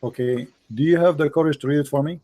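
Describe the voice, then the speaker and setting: Insistent man with broken English, mellow voice. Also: on the high side, fast talker, no room sound. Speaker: debate host. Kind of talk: live online debate.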